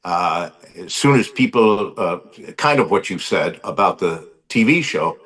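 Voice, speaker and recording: A man, a podcast guest, telling a story in a casual, unhurried way. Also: deep voice, husky, far from the mic, rough recording. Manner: slow, lively storytelling.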